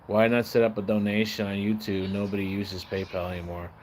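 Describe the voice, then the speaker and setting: A man livestreaming, telling a long casual story in a rambling, profane way and acting out the shouts and voices of the people in it. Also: on the low side, little pitch movement, fairly quick, a little hiss or hum. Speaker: live streamer. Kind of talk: casual storytelling on a live stream.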